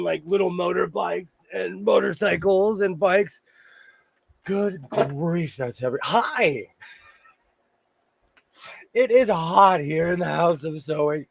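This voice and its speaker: A man's voice: fairly high pitch, gravelly, a little hiss or hum. A man hosting a casual livestream from his home sewing room, chatting and cheerfully greeting viewers by name.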